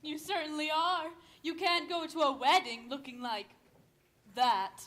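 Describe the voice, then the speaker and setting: A woman's voice: high voice, measured pace, sharp tone. A young woman in a school musical playing a droll, tipsy chaperone who speaks languidly. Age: young adult. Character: tipsy, drowsy older female chaperone. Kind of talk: high school musical stage acting.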